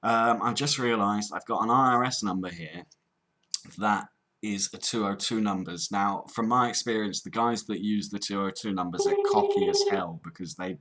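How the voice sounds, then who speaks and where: A man's voice: lowish voice, normal speed, fairly bright tone. A young man from near London, chatting casually to viewers between prank calls, rambling and amused with himself. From England, near London. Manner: chatty, rambling, self-amused, lots of ums. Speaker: prank-call host.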